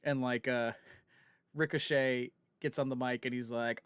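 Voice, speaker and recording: This man's mid-range voice is clear and resonant, and he talks a little slowly, with clean studio sound and no echo. As co-host of a gaming stream, he chats casually during play, telling stories with animated laughter.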